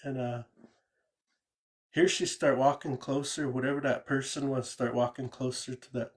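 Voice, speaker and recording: A man's voice: medium pitch, fairly even intonation, normal speed. A man calling in to tell a true ghost story in a rambling, casual way, often repeating words and saying "you know". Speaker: caller sharing a ghost story.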